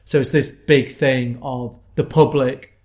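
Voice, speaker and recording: A man's voice: mid-range voice, fairly even intonation, measured pace, a little mellow. A young man, co-hosting a casual podcast chat, telling childhood stories and often laughing at his own jokes. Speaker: podcast co-host.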